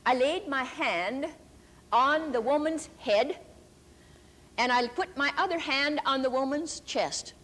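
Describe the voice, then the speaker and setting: An older woman preacher telling a testimony in a sermon, deliberate and emphatic, drawing out key words slowly. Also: on the high side, a bit bright. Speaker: preacher and Bible teacher.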